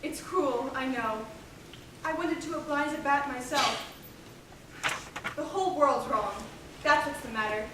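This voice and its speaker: Casting: a woman as a wistful, grieving mother of the bride, high voice, echoey hall with background hiss. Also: measured pace, pauses often. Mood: sorrowful. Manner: wistful, sorrowful, musing. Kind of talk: stage acting. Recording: echoey hall, distant mic, noisy.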